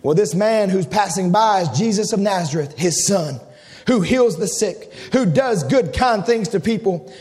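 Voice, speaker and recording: A man preaching who voices a gentle, kind-hearted woman, heard on an archive sermon recording. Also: high voice, animated, moderate pace, faint music behind, voice pushed down.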